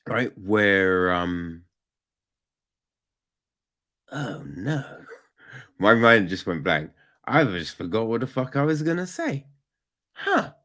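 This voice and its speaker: Male podcast reviewer, unhurried and expressive, rambling rants full of profanity. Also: mid-range voice. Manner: animated, profane, rambling, with sudden loud outbursts. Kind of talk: casual film review monologue.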